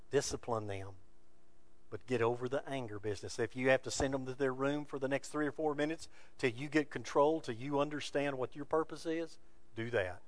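A man preaching a sermon from scripture, building to loud emphatic peaks and dropping to quiet asides. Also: medium pitch, dry recording. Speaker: pastor.

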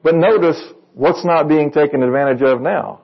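A man's voice: fairly high pitch, moderate pace, vocal fry, breathy edge, highs cut off. A man preaching a sermon to a congregation in a conversational way, reading verses and asking them questions. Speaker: pastor.

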